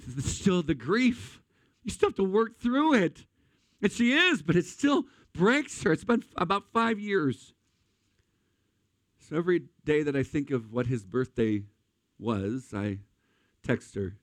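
Male pastor, mid pitch, earnest storytelling sermon delivery, dry close recording. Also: dry recording. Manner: emotional storytelling, addresses audience as guys and friends.

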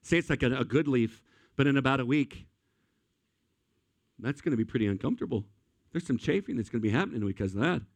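A man preaching a sermon at a church service in an energetic, conversational way, talking straight to the congregation. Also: medium pitch, fast talker, creaky, pauses often, no room sound. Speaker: pastor.

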